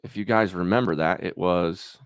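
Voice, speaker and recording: A man's voice: sits low, normal speed, creaky, clean tone, dry recording, clean studio sound. A man hosting his own channel, thinking aloud in a rambling, profane, casual chat. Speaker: YouTube channel host.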